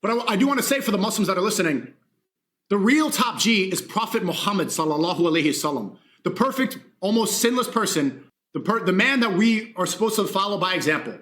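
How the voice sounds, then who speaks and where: Bright-voiced preachy male streamer. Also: sits high, expressive, fast talker. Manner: earnest, lecturing, preachy. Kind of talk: livestream talk.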